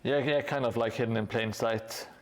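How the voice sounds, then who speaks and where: A man's voice: mid-range voice, fairly even intonation, moderate pace. A man chatting casually on a live stream while painting terrain, rambling and poking fun at himself, with lots of fillers and restarts. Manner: rambling, self-mocking, many fillers and restarts. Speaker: streamer building a tabletop terrain board. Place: hobby workspace at home.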